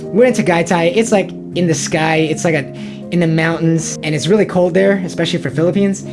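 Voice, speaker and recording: A man's voice: a little high, brisk, music in the background. A man recapping a family trip to the camera in a casual, rambling way, full of fillers and exasperated asides. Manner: rambling, filler-heavy storytelling with lots of "like" and "dude"; ranting and exasperated. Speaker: vlogger.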